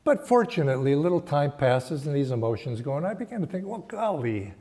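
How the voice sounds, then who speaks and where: An older man giving a Sunday sermon and telling a personal story in a reflective, halting way, often restarting his phrases. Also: a little high, very animated. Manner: slow, reflective, halting phrasing with frequent restarts and soft laughs. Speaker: spiritual teacher giving a Sunday talk.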